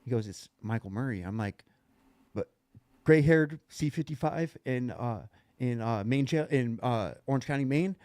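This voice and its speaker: A man's voice: medium pitch, measured pace, darkish tone, dry recording, studio quality. A middle-aged man telling his recovery story in casual, rambling talk, full of "like" and "right?". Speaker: podcast guest sharing recovery story.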